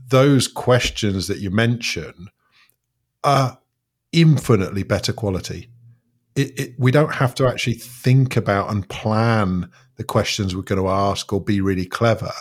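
A coach talks in a reflective, conversational way, often starting a phrase twice before he finds it. His voice sits fairly low. He sounds unhurried and considered. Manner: thoughtful, with frequent restarts. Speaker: guest coach.

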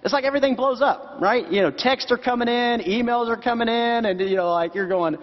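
High-voiced pastor preaching in a reverberant hall. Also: male voice. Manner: conversational preaching with emphatic slow repeats. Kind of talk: sermon. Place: church sanctuary. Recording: dull sound with long hall reverb.

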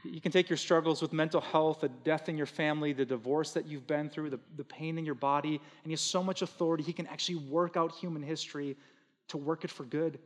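A man pastor preaching a sermon in earnest, swinging between loud emphatic bursts and hushed soft lines. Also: fairly high pitch, fairly even intonation, brisk, big-room sound.

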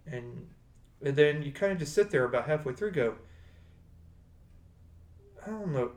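A man's voice: on the high side, lively intonation, brisk. A man chatting casually as a podcast co-host, rambling and correcting himself as he goes. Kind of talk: casual chat. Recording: roomy echo.

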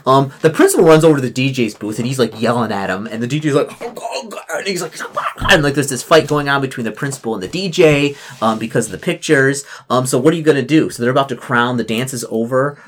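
A woman running a tabletop role-play game for kids, rambling with many restarts and quick voices for the characters. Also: rumbling low. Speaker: game master.

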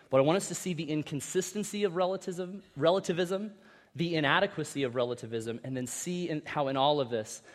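A man preaching a sermon as pastor, in a conversational style with animated asides and repeated words. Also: a little high. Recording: long reverb of a large hall.

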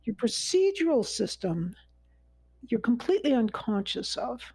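A woman's voice: on the high side, big pitch swings, measured pace, a little mellow, slightly rough, no echo, rough recording. A woman expert chatting about how learning works, rambling with many restarts and fillers. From United States. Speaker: neuroscience guest expert. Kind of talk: conversational explanation.

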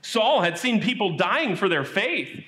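A man telling a Bible story at a children's church service, animated and asking the kids questions. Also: sits high, measured pace.

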